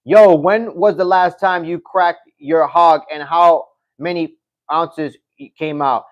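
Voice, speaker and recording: A man hosting a casual livestream, reading chat comments and talking straight to his viewers, animated and swearing now and then. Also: a little high, slow pace, dull audio. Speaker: livestream host.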